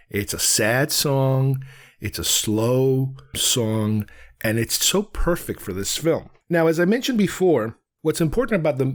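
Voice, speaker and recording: A man, from Queens, talks through a film in a loose, rambling solo commentary. His voice sits at an ordinary middle pitch. He thinks aloud as he goes. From Queens, New York. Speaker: film podcast host.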